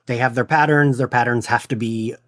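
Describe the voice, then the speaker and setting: A man hosting a podcast in casual chat, animated and laughing often as he acts out quotes. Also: mid-range voice, brisk, no echo, studio quality. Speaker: podcast host.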